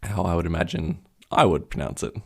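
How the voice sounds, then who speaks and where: A man's voice: sits low, a little fast, creaky, darkish tone, husky. A man co-hosting a podcast in casual chat, curious and analytical, asking pointed questions. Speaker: podcast co-host.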